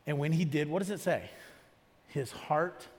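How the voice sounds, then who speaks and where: In a church auditorium, a male pastor preaches conversationally and often puts questions to the congregation. His voice is fairly high-pitched and a little slow, with a long reverb tail.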